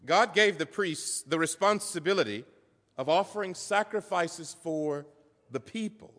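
A man's voice: fairly high pitch, expressive, unhurried, fairly bright tone, long reverb tail. A man preaching a sermon as pastor, driving points home through repetition and often restarting a phrase.

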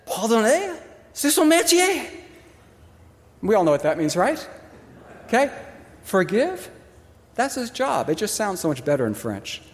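A man preaching a sermon as pastor, expressive and emphatic, pausing on key words and acting out the voices he quotes. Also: high voice, big-room sound.

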